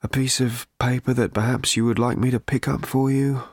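A man putting on Marvin, a croaking ancient robot. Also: medium pitch, little pitch movement, dry recording, clean studio sound, close to an everyday voice. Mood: gloomy. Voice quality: croaking, hollow rattle. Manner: slow, mournful, self-pitying drawl. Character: ancient depressed male robot, rusty and self-pitying.

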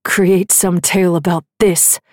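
A man's voice: sits high, level tone, unhurried, dry recording, studio quality. A woman reading the part of a brooding young male fae prince, cold, haughty and clipped. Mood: snarling.

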